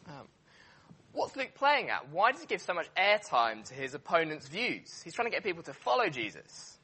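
A man preaching a sermon, emphatic and animated, with frequent fillers and restarts. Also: a little high, normal speed, husky.

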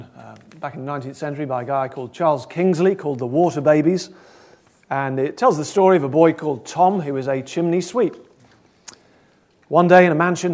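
A man preaching a sermon, earnest, asking probing questions and swinging between loud and soft. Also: on the high side.

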